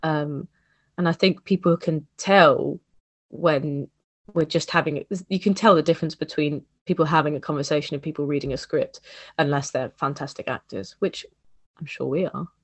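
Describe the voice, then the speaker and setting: Male podcast host, casual, halting chatter, dry studio sound. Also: fairly high pitch, fairly even intonation, no room sound. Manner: chatty, many restarts and "like" fillers.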